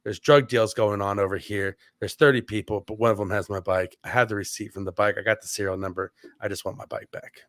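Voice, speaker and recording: A man's voice: on the low side, fairly even intonation, fast, hardly any pauses, fairly bright tone, no room sound. A man on a podcast telling a long story casually, with many "like" fillers and restarts. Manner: rambling, heavy on "like" fillers and restarts. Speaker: podcast co-host.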